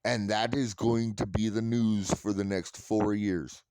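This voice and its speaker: Slow, low-pitched man ranting bluntly. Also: steady tone, a little mellow, a little hiss or hum. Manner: profane, blunt and scornful; repeats and restarts words when worked up. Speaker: online commentator. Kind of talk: angry commentary rant.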